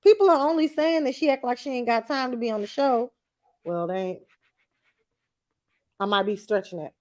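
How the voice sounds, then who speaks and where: A woman's voice: a little high, moderate pace. A woman co-hosting a casual reality-TV recap chat, blunt and slangy, laughing often. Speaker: podcast co-host.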